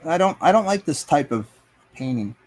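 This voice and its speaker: A man's voice: on the high side, big pitch swings, normal speed. A man live streaming as he paints, rambling to himself and his chat in a casual, profane way. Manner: rambling, talks to himself and chat, swears often.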